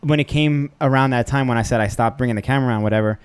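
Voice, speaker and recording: A man's voice: mid-range voice, clear, resonant tone. A man co-hosting a podcast, talking casually, chiming in often and telling his own side of the story. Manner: quick, chimes in with agreement, relaxed storyteller. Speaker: podcast co-host. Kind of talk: casual chat.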